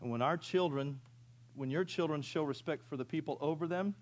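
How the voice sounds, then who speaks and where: A man's voice: fairly high pitch, brisk. A man in his fifties preaching a sermon, who tells funny stories and asks the congregation questions. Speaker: pastor.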